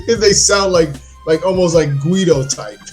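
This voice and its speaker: A man co-hosting a casual boxing podcast, blunt but halting, full of fillers and restarts. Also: fairly high pitch, a little mellow, soft background music. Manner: hesitant, filler-heavy, blunt. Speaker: podcast co-host.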